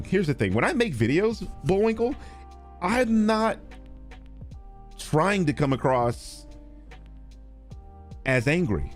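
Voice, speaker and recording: Man, live streamer, blunt casual chat, swearing, faint music behind. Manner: animated, swings between loud and low, swears freely.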